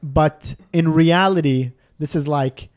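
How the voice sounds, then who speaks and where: A man's voice: on the high side, takes it slowly. A man in casual chat telling a long travel story, rambling with restarts and self-deprecating jokes.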